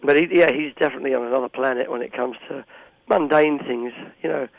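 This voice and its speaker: A man's voice: mid-range voice, fast, vocal fry, no echo. A man, a musician guest, chatting and rambling in a casual phone interview, laughing easily. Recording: dull phone line.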